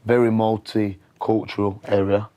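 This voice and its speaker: Low-voiced man with a Birmingham accent. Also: level tone, measured pace, lo-fi sound. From Birmingham, England. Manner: proud, easygoing. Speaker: rapper interviewee. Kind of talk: interview answers.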